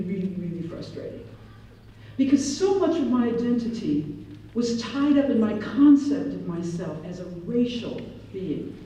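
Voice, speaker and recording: A middle-aged woman from Ohio and Michigan, telling personal stories in an animated lecture and acting out the people she quotes. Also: on the high side. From Ohio and Michigan, USA. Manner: animated, acts out quoted voices, slips into French. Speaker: professor giving a talk. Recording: echoey hall, distant mic, dull sound.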